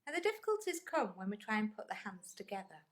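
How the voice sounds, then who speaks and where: A woman's voice: mid-range voice, sing-song, fast. A woman music teacher giving a patient, encouraging lesson and counting rhythms aloud.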